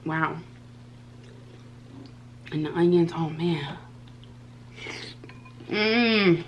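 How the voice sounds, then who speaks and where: An excitable woman with a low-pitched voice talks straight to her viewers in a casual food vlog. Her chat is chatty and eager. A faint hum sits under the recording. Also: extremely slow. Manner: excitable, chatty, addresses viewers as "you guys". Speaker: food vlogger.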